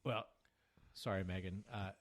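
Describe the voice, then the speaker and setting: A man's voice: low-pitched, fairly even intonation, moderate pace. A man co-hosting a podcast, chatting casually and telling rambling stories with acted-out quotes. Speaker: podcast co-host. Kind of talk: casual chat.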